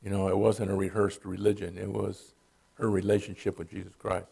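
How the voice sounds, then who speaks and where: A man's voice: low-pitched, flat delivery, brisk, creaky, dark tone, husky. A man from Southern California telling personal stories at a church in a casual, conversational way. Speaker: church speaker.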